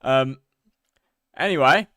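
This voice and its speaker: A man's voice: mid-range voice, takes it slowly, sharp tone, no room sound, clean studio sound. A young British man chatting casually on a live stream while gaming, rambling and mocking himself as he reads out chat.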